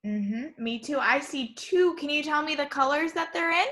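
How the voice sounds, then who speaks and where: A woman teacher giving an online lesson to young children, speaking in a slow, sing-song, encouraging way on a computer mic. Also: sits high, lively intonation, sharp tone.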